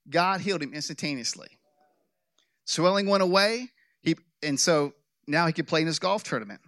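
Male pastor, lively storytelling sermon, fairly high voice, dry close sound. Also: moderate pace, long pauses, no echo. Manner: animated, joking, with restarts.

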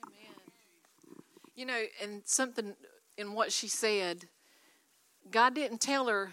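A woman's voice: mid-range voice, unhurried, pauses often, a bit bright, no echo. A woman preaching a sermon, exhorting her listeners and asking for their responses. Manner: exhorting, call-and-response with audience. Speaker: guest speaker.

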